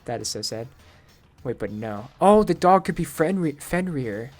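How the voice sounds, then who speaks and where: A young man hosting a let's-play, commenting excitedly, swearing and laughing as he goes. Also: medium pitch, normal speed. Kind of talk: casual gameplay commentary. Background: game music.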